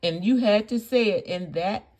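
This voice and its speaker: A woman's voice: medium pitch, normal speed, darkish tone. A woman hosting a reaction video, scolding indignantly, piling up rhetorical questions and repeating her points for emphasis. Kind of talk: reaction commentary.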